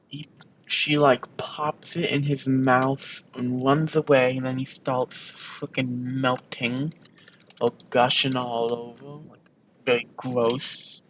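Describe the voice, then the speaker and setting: A man's voice: medium pitch, fairly bright tone, slight background noise, low-quality recording. A man recording a let's play, rambling casually with lots of fillers and restarts as he talks over his gameplay.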